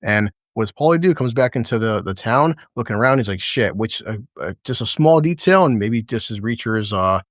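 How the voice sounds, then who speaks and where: A man's voice: lowish voice, lively intonation, a little fast, hardly any pauses, a bit bright, dry recording, studio quality. A man casually recapping a TV episode on a livestream, rambling, swearing a lot and laughing often. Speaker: show recap host.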